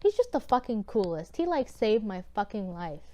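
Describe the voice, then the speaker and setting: A man's voice: sits high, very animated, moderate pace, mellow. A woman voicing a casual, impulsive ancient king who swears and drawls offhandedly. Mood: musing.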